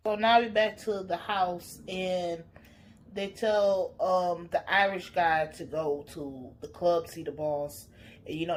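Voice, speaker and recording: A woman giving a blunt, profane, animated recap of a TV episode in casual commentary. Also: mid-range voice. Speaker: TV reaction reviewer.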